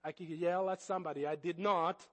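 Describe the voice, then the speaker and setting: A middle-aged man preaching, telling a personal story in an animated, expressive way. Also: high voice, brisk. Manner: animated storytelling, lively swings of loudness. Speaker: pastor.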